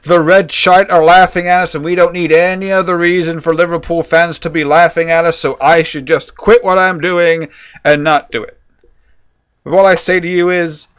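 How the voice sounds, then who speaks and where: This man's voice sits high for a man. He delivers a raw match reaction as a sarcastic, profane rant, and the recording is dry and a little muffled. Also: a bit bright, clear, resonant tone, no room sound. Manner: sarcastic, swearing, ranting. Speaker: football fan video creator.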